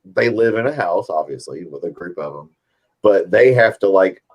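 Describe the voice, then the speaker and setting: A man's voice: low-pitched, expressive, moderate pace, lo-fi sound. A man in casual chat, talking loosely with many fillers and agreeing often. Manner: chatty, filler-heavy, agreeable.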